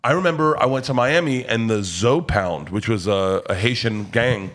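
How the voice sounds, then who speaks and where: A comedian telling rowdy stories in a casual podcast chat, loud and laughing as he goes. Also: medium pitch, moderate pace. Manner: loud, laughing, animated storyteller. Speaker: comedian guest.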